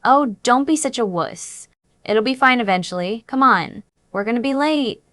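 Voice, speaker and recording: A cheerful, teasing teenage best friend brushes off worries with bright, pushy encouragement, voiced by a woman reading a story. The sound is close and dry, with no room around it. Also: on the high side, expressive, normal speed, dry recording, voice pushed up.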